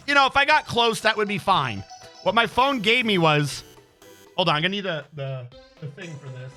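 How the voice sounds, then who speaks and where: Bright-voiced ranting male streamer. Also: high voice. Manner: ranting, profane, exasperated. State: throat infection. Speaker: game streamer. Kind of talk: casual livestream chat.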